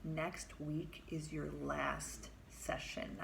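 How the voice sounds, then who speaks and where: A woman's voice: low voice, little pitch movement, extremely slow, gravelly, a bit bright, slight background noise, heavily acted. A woman quoting a curt, blunt caseworker. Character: curt, disapproving female caseworker.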